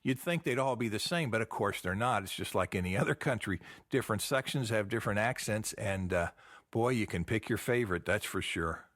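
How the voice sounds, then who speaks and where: A man's voice: on the low side, a little fast, a bit bright, no room sound, studio quality. Folksy chatty man hosting a show. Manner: folksy, chatty, trails off with fillers. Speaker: podcast host. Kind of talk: casual chat.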